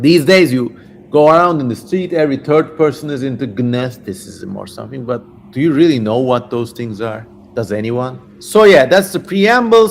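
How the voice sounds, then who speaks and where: A man's voice: medium pitch, a little hiss or hum. A man hosting a livestream reading of an ancient text, talking casually with irreverent, profane asides.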